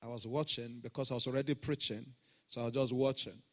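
A middle-aged man preaching a sermon, swinging between shouted proclamations and hushed storytelling. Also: mid-range voice, steady tone, quick pace. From Nigeria. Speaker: pastor.

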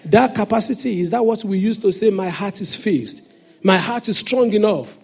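A man's voice: sits high, moderate pace, gravelly, a little mellow, breathy edge. A man preaching a sermon as pastor in a church, with emphatic call-and-response questions to the congregation.

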